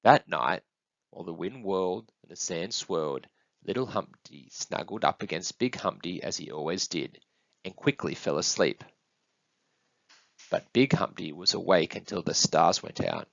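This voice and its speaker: A man reading a picture book aloud in an expressive, sing-song storytelling manner. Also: low-pitched, normal speed, vocal fry, no echo. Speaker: storybook reader. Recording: dull, dry close recording.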